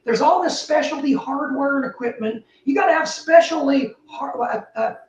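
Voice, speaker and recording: A high-voiced woman speaks as an interview guest, animated and emphatic, her pitch leaping up and down as she makes her points. Her voice sounds roomy and set back from the mic. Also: moderate pace, distant mic, a little hiss or hum. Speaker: guest, building technology entrepreneur. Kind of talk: casual interview talk.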